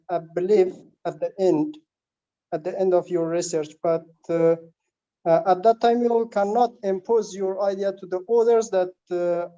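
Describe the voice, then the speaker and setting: A man in a group English lesson makes his point slowly, stopping often with fillers. His voice is mellow. The audio is dull and lo-fi. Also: sits high. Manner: hesitant, many "uh" fillers. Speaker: student in an English conversation class. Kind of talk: classroom discussion.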